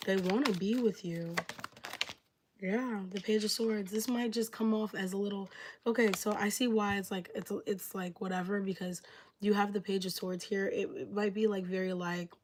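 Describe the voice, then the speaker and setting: A woman's voice: medium pitch, fairly even intonation, moderate pace, noisy background. A woman giving a casual live tarot reading, talking loosely with lots of fillers. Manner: chatty, many fillers, acts out quotes. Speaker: tarot reader.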